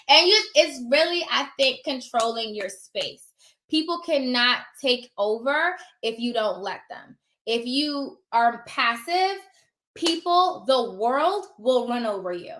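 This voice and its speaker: A bright, forceful woman with a fairly high voice talks in a casual advice monologue, emphatic and sassy, and she acts out her exchanges as she goes. The sound carries a roomy echo. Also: lively intonation, measured pace, slight background noise. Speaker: notary loan signing agent.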